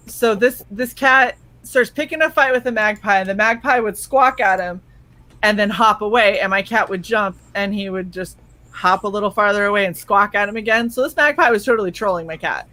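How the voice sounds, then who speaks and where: A woman co-hosting a relaxed stream, telling a comic story with lively quoted asides and plenty of casual swearing. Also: mid-range voice, fairly quick, dry recording, low-quality recording. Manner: animated storyteller, swears freely, acts out quotes. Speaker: co-host of a chill stream. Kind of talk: casual chat.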